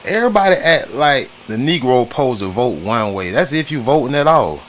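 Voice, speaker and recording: An American man hosts a casual political talk stream, his mid-range voice sing-song and brisk over crowd and background noise. He talks in loose slang, repeats himself, and keeps pausing to greet people in the chat.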